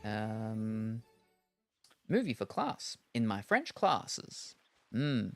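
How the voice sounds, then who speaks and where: A woman's voice: a bass voice, sing-song, very slow, gravelly, no echo, faint music behind. A woman streaming a cozy video game, chatting in a wry, rambling way as she plays. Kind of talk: casual gameplay chat.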